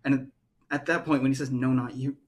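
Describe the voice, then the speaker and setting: A man's voice: mid-range voice, flat delivery, fairly quick. A man narrating as game master, rambling and loose with many fillers.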